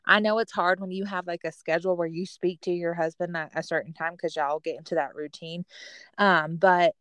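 A woman, co-hosting a casual chat, candid and chatty and quick to laugh at herself. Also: on the low side, steady tone, fairly bright tone, clean tone, dry recording. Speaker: podcast co-host, military spouse.

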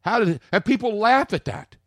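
Brief: male sports talk co-host, slightly high voice, ranting and jokey, dry close sound. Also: sing-song, brisk, dry recording. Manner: ranting, jokey, big swings in pitch. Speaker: podcast co-host. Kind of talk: casual sports talk radio banter.

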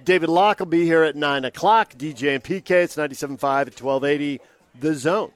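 A man hosting a sports radio show, brisk and upbeat. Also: on the high side, clear, resonant tone, dry recording.

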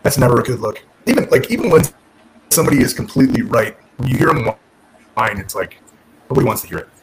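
A man's voice: mid-range voice, expressive, fast talker, creaky, a little hiss or hum, rough recording. A middle-aged man, a former pro wrestler, candidly telling his career story in an interview, frank and profane, often restarting his sentences.

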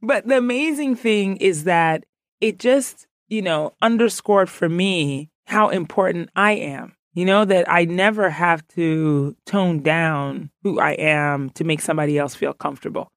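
A woman from Ghana, a podcast guest, chatting in an animated, playful way and laughing often. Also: on the low side, measured pace, no echo, clean studio sound. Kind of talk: casual interview chat.

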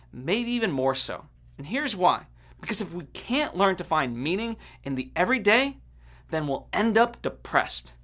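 A man's voice: high-pitched, fairly bright tone. A man hosting a podcast, delivering an earnest, reflective scripted monologue. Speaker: podcast host.

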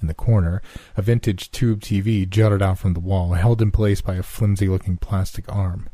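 A man narrating a scripted horror story in a measured, hushed storytelling manner on a close mic. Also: sits low, fairly even intonation, dry recording.

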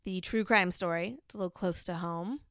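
A woman's voice: fairly low pitch, a little fast, a bit bright, no room sound. A chatty woman co-hosting a podcast, talking casually with a teasing, playful edge. She sounds a little out of breath. The sound is dry and close. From Kansas City area, USA. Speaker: podcast co-host. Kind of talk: casual chat.

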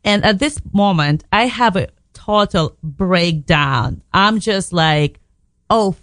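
A woman's voice: lowish voice, animated, slow pace, a bit bright, no room sound. A woman from Belarus, a radio guest telling a candid personal story in a frank, emotional way, swearing casually and restarting her sentences.

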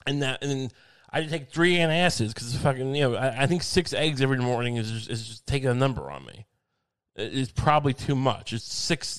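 A man doing a rambling, profane comic monologue, ranting and drifting from one subject to the next. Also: mid-range voice.

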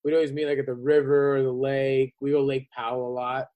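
A man in casual conversation, telling a story in a rambling, halting way and swearing often. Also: mid-range voice, flat delivery, warm tone, poor audio.

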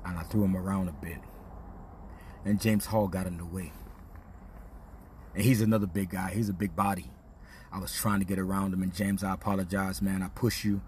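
A man with a low voice tells a candid personal story as a podcast host. His talk is casual and full of slang, turning reflective and confessional. A faint hiss sits under the voice. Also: flat delivery, a little fast, long pauses, a little mellow.

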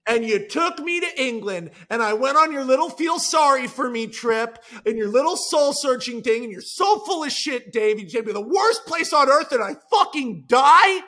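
A man voicing an angry young man who rants at his best friend, yelling much of the time. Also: high voice, fast talker, few pauses, breathy edge. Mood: furious. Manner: yelling, ranting.

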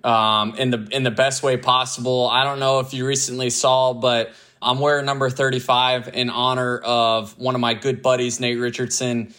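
Man, ballplayer guest, from Tampa, bright ringing tone, loose laughing chat, lots of fillers. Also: medium pitch, little pitch movement, moderate pace, few pauses. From Tampa area, US. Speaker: pro baseball player, interview guest. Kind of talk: casual interview chat.

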